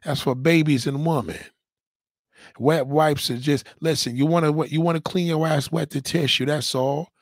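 A man ranting loudly and profanely on a livestream from home, rambling and repeating himself as he reads viewer comments. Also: a little high, fairly even intonation, moderate pace, no room sound. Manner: loud, profane, rambling and repetitive. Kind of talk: profane casual rant. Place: at home, in a towel on camera.

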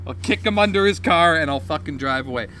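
A man telling a story on a casual podcast, swearing often and animated. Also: fairly high pitch, fast talker, slight background noise. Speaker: podcast co-host.

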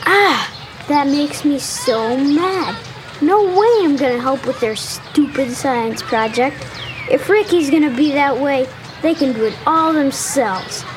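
A woman doing a sweet earnest boy, high lively voice, slow delivery, radio play, noisy recording. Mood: annoyed. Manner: earnest, expressive. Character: earnest young boy, kind-hearted. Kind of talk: radio drama acting.

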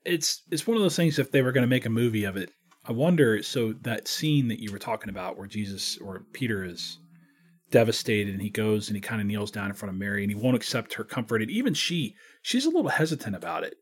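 A man, a priest, talking through a scripture scene in relaxed conversation, imagining it aloud with many restarts. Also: lowish voice, fast talker. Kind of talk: conversational faith podcast.

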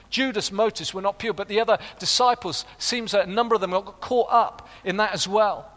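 A man's voice: sits high, brisk, few pauses, a bit bright. A middle-aged man preaching a sermon, earnest and rising to fervent appeals. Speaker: pastor. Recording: long reverb of a large hall.

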